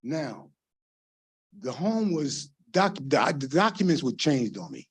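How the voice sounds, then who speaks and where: Husky, impassioned middle-aged man. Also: mid-range voice, sing-song, takes it slowly. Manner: impassioned, rambling, swings from quiet to loud. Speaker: resident speaking at public comment. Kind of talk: public comment at a council meeting. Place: council meeting chamber.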